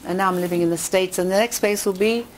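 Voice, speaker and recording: This English speaker talks fast as she gives women an inspirational mix of jokes and stories, live in a community hall. Quotes and punchlines send her pitch upward in her lively telling, and a little hiss or hum sits under the recording.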